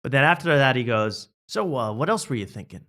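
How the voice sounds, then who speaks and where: A young man hosting a casual talk show spins a self-deprecating anecdote, his voice jumping around as he acts out the people in the story. His pitch sits in the middle range, and his delivery is loose and comic. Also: a little fast. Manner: animated, self-mocking, acts out quotes. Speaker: host.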